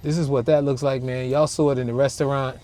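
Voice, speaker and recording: A man's voice: medium pitch, flat delivery, quick pace, dark tone. A man hosting a casual food-tasting vlog from the back seat of a parked car, chatting to viewers while he chews and hums his approval. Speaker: food vlogger host. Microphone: camera-mounted mic, a little far off.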